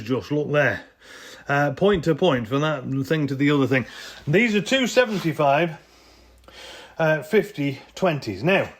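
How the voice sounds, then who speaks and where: Beside his jacked-up off-roader, a man films himself on a handheld camera, talking through his work in a casual how-to vlog that rambles and self-corrects. His voice is fairly high with a breathy edge.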